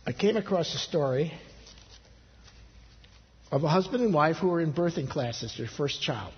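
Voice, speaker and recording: Husky-voiced pastor preaching in an echoing hall. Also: male voice, expressive, normal speed. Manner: earnest, rising pitch for pleading questions, dropping soft and low for intimate appeals. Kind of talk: sermon. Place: church sanctuary. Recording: husky voice in a long-reverb church hall, dull lo-fi sound.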